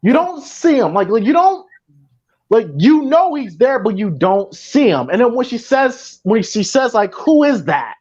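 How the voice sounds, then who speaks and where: A man's voice: very high voice, sing-song, a little slow, darkish tone, muffled recording. A man co-hosting a podcast, giving casual movie commentary and rambling, with many repeated words and restarts. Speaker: podcast co-host.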